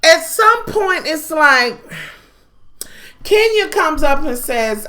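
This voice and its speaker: A woman's voice: high voice, big pitch swings, slow, pushed and bright. A woman giving a blunt, profane, sassy recap of a reality TV episode. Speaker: TV recap vlogger. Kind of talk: casual reality-TV review.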